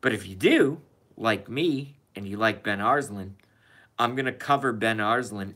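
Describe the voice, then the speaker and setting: A man's voice: fairly low pitch, expressive, measured pace, bright, forceful tone. A man streaming a rambling, profane rant in a casual monologue, emphatic and cursing freely.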